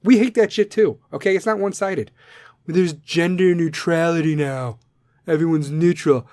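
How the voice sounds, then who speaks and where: A foul-mouthed man ranting straight at his listeners, blunt and combative, with a fairly high voice. His volume swings from loud to soft, and the recording is dry and close, with no room sound. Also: normal speed, dry recording. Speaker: podcast segment host. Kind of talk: profane rant to listeners.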